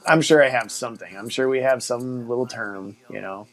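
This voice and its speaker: A man's voice: mid-range voice, brisk, a bit bright, rough recording. A man hosting a casual interview, enthusiastic and a little rambling. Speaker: host. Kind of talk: casual video-call interview.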